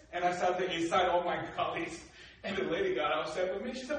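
A man from Africa telling his life story as a talk, animated and acting out the dialogue. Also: quick pace. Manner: animated, acts out dialogue with rising emphatic pitch. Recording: echoey hall from a distant mic.

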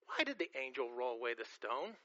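A man's voice: mid-range voice, big pitch swings, fairly quick, sharp tone, no echo, muffled recording. A man preaching an earnest sermon, often repeating words as he starts a phrase and asking the congregation questions. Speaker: pastor.

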